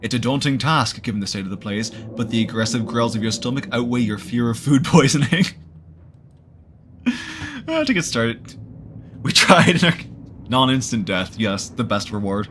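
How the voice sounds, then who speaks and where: A man's voice: medium pitch, sing-song, moderate pace, a bit bright, a little hiss or hum. A man streaming a horror visual novel, reading the narration aloud and adding jokey asides.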